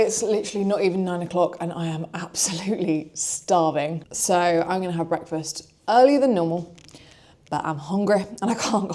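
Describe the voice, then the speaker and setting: A woman's voice: on the low side, warm tone. A young British woman, an online fitness coach, chatting casually and rambling in a day-in-the-life vlog, swearing now and then.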